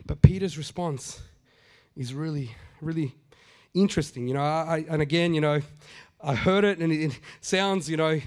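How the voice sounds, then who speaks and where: High-voiced man preaching a sermon. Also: normal speed. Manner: conversational preaching, repeats phrases for emphasis, acts out quotes. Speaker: pastor.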